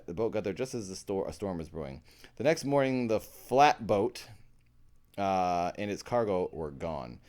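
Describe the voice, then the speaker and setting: A man's voice: low-pitched, a little mellow. A man reading ghost stories aloud on a live stream and chatting with his viewers, playful, easily amused and poking fun at himself.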